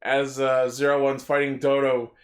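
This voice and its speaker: A man's voice: mid-range voice, monotone, normal speed, roomy sound. A man co-hosting a podcast in casual chat, enthusiastically recapping with casual swearing. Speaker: podcast co-host.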